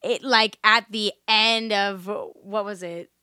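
A young woman chats casually as a podcast co-host, giggly and animated, often tripping over names. Her voice is bright and the sound dry and close. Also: mid-range voice, takes it slowly, clear, resonant tone, no echo. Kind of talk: casual chat.

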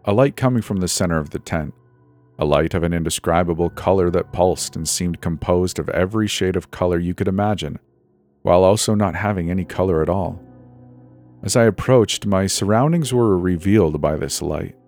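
A man narrating a scripted first-person horror story in a tense, steady way. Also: deep voice, fairly quick, soft background music.

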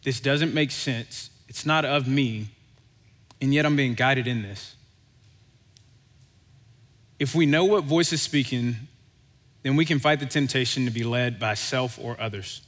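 A male pastor preaching a sermon, with relaxed, conversational delivery and animated storytelling. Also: mid-range voice, measured pace, long pauses. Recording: long hall reverb.

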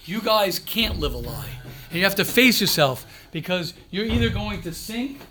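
Emphatic high-voiced man rabbi. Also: lively intonation, normal speed, bright, forceful tone. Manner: emphatic, repeats phrases, mixes in Hebrew and Yiddish words. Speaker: rabbi giving a talk to yeshiva students. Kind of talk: informal talk to students.

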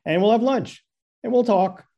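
A man's voice: high-pitched, normal speed, gravelly, warm tone, highs cut off. A man telling a long anecdote in casual talk, stammering and repeating words as he acts out what others said. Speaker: guest storyteller.

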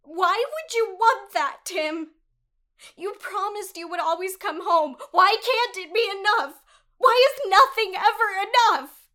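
A woman's voice: very high-pitched, expressive, a little slow, a bit bright, full character voice. A woman voicing a distraught young wife who pleads tearfully with her husband in an audiobook. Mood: anguished. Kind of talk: audiobook dialogue.

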